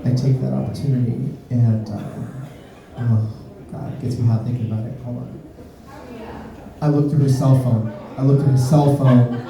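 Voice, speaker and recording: A man from Miami doing a stand-up comedy set, deadpan, breaking into sudden high-pitched voices when he acts out quotes. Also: normal speed, crowd noise. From Miami, USA. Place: comedy club stage. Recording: roomy club sound from a distance. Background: audience laughter.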